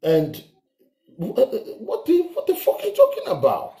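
A man's voice: high voice, huge pitch swings, moderate pace, warm tone. A man giving heated political commentary on his channel, scornful and ranting, swearing now and then. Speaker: vlogger. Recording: roomy echo.

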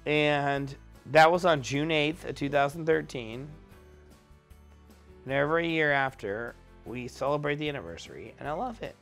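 A man's voice: a little high, moderate pace, fairly bright tone, faint music behind. A drunk man in his thirties telling a rambling story, losing his thread and correcting himself as he goes.

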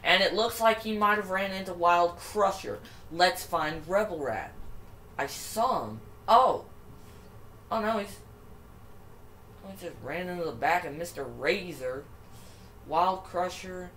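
Young male gamer, unhurried but excitable racing commentary, bright tone. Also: high-pitched. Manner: excitable, exclaiming at crashes. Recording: echoey room, faint noise.

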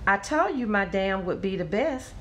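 A woman's voice: mid-range voice, moderate pace, lightly acted. A woman voicing an eager, boastful young male beaver in a read-aloud storybook. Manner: proud and excitable.

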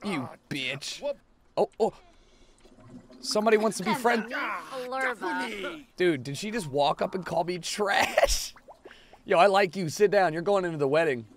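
A young man giving profane, excitable let's play commentary as a gaming video host, now and then bursting into shouts. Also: sits high, unhurried, long pauses, crowd noise.

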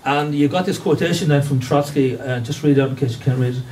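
A man's voice: a little high, fast talker, darkish tone. A man giving a history lecture, hesitant, with many fillers and restarts. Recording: distant mic with faint room noise.

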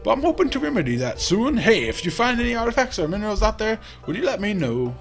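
A man's voice: high-pitched, sing-song, quick pace, pitched above the performer's own voice. A man voicing an eager male museum curator, polite and a little sheepish, with faint game music behind.

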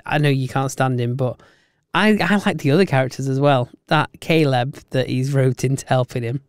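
Male podcast co-host, smooth resonant voice, chatty with restarts, dry close mic. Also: mid-range voice, normal speed, dry recording. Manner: chatty, stumbling restarts, laughs often. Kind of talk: casual chat.

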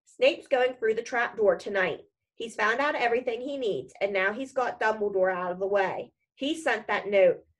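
A woman's voice: a little high, normal speed, natural voice, rough recording. Woman reading as an urgent, determined boy. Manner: urgent, earnest.

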